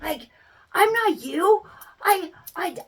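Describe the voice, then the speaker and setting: A woman's voice: very high-pitched, animated, slow, voice pushed up, heavily acted. A woman voicing a frightened toddler learning to walk, pleading and stammering in a raised voice. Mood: scared pleading.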